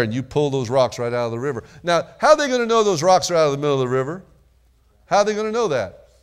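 A man preaching a sermon in a conversational, folksy way, with asides and calls for amens to the congregation. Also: fairly high pitch. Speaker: pastor.

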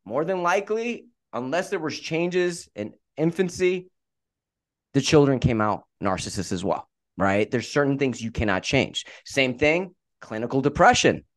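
A man's voice: medium pitch, sing-song, normal speed. A man hosting a podcast interview as a relationship coach, emphatic and repeating words for effect.

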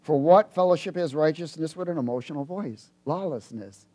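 Animated guy preaching, pretty high voice, gets loud then drops low, laughs a lot. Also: moderate pace. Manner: animated, swings from loud bursts to low asides. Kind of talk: sermon.

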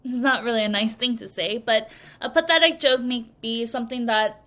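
A woman teaching English vocabulary to children in a recorded lesson, speaking slowly and clearly and acting out example sentences. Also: fairly high pitch, bright, forceful tone. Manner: slow, clear teacherly delivery with acted examples.

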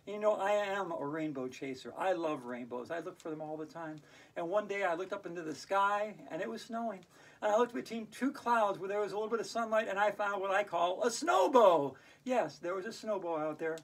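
A woman teaching a hula hoop yoga class, playful and chatty, breaking into sing-song rhymes and laughing out loud on cue. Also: mid-range voice, a little fast. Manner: chants rhyming verses in a sing-song. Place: indoors while it snows outside. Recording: voice from a distance off the mic.

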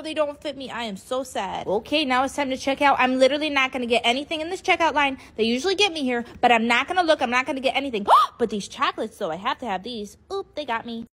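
A young woman in a comedy skit monologue, chatty and excitable, gasping and narrating everything she does. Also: high-pitched. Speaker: comedy creator.

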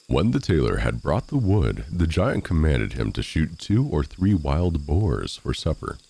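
A male storyteller reads a fairy tale aloud in a very deep, dark voice with a gravelly texture. His theatrical delivery rises and falls widely in pitch. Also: measured pace, few pauses. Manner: expressive, theatrical.

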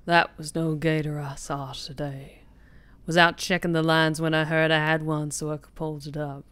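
A woman putting on a slow, low Cajun drawl for a gruff old swamp man reading a note. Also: little pitch movement, fairly bright tone, dry recording. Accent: Cajun, put on.

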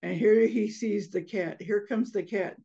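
A woman telling a children's story in an expressive oral storytelling style, slipping in Spanish phrases. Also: mid-range voice, unhurried, breathy edge. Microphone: video call. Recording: slightly muffled online video call.

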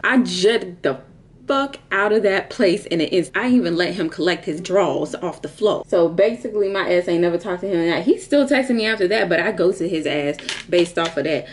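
A woman in her twenties telling a candid, profane story in casual vlog chat, laughing often and jumping into squeaky high quotes. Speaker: storytime vlogger.

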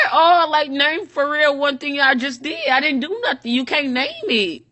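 A young woman with a high, bright voice rambles and curses on a casual livestream. Her talk is emotional and unfiltered, full of restarts. She sounds like a young adult chatting straight to her phone. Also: animated, normal speed, few pauses. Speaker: live streamer.

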